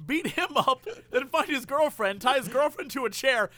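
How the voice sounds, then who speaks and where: A man's voice: very high-pitched, moderate pace, dry recording. A man in casual chat, animatedly retelling a movie plot and acting out the characters' lines. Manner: animated storyteller, acts out quotes.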